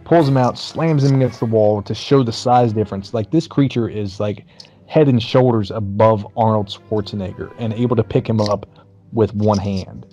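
A man's voice: on the low side, moderate pace, faint music behind. Swearing man recapping a movie. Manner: animated storytelling with profanity, acts out movie lines. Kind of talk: casual movie recap chat.

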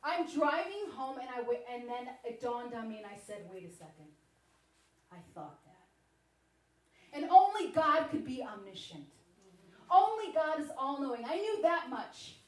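A woman giving a sermon-style personal testimony, telling her story in a lively way with chatty asides to the audience. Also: high voice, normal speed. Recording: echoey hall, mic at a distance.

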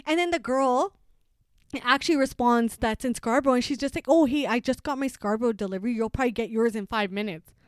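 High-voiced young woman telling a story. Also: fast, clean tone, no room sound, clean studio sound. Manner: animated, acts out quotes, laughs often. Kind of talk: casual chat.

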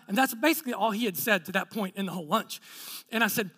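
A pastor telling a story in a sermon, acting out dialogue and dropping low and soft for serious points. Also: fast, slightly rough. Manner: conversational, acts out dialogue, drops low and soft for weighty points.

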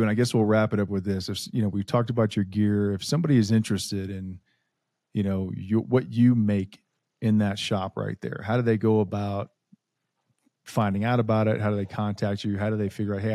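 Low, dark-voiced male podcast host. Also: fairly even intonation, fairly quick, no room sound, clean studio sound. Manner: easygoing, affirming listener. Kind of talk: casual podcast interview.

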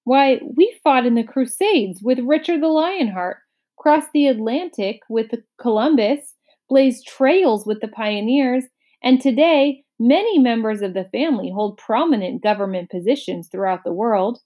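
A woman's voice: fairly high pitch, lively intonation, unhurried, warm tone, voice pushed up. A woman voicing a pompous, boastful old male humbug bug in a storybook read-aloud, blustering and grandiose.

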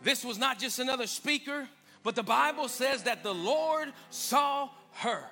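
A man's voice: very high-pitched, animated, a little slow, bright, forceful tone, soft background music. A male pastor preaching a sermon in a church, driving points home with rhetorical questions and emphatic repetition.

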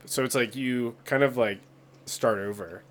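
A man's voice: medium pitch, measured pace, slight background noise. A man from the United States in a casual chat, rambling with many fillers.

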